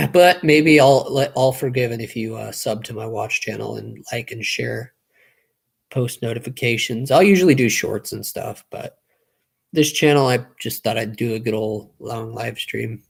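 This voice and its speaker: A young man with a gravelly edge to his voice talks casually on a live stream. He rambles and rushes his words until he runs short of breath. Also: medium pitch.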